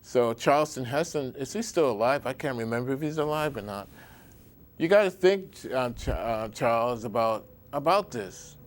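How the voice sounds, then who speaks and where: A man's voice: mid-range voice, animated, normal speed. Rambling middle-aged male show host. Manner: digressive, restarts and trails off, folksy asides. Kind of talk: rambling opinion monologue.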